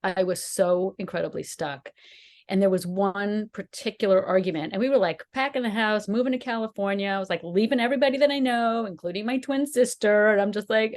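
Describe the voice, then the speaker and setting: A woman's voice: medium pitch, brisk. A woman co-hosting a podcast, telling a personal story in casual chat and acting out the quotes with animation. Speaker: podcast co-host.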